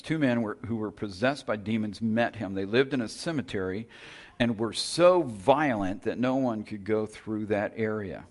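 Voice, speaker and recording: A man teaching a sermon in a relaxed, storytelling way, often restarting his phrases. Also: fairly low pitch. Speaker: preacher.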